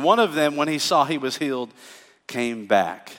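A pastor preaching a sermon in a conversational style that climbs into emphatic, rising bursts. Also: male voice, mid-range voice, expressive, normal speed, fairly bright tone, long reverb tail.

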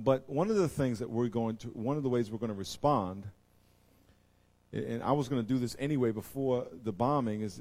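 A man preaching a sermon to his church as pastor, animated, dropping to quiet asides and rising to loud excited bursts. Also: medium pitch.

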